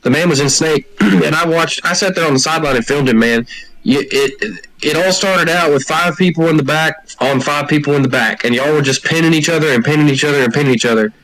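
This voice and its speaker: A man with a slightly raised pitch, hosting a loose group conversation. He tells his stories in an animated way and keeps them rolling one after another. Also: fairly quick, poor audio. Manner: storytelling, animated recounting. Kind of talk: casual group chat.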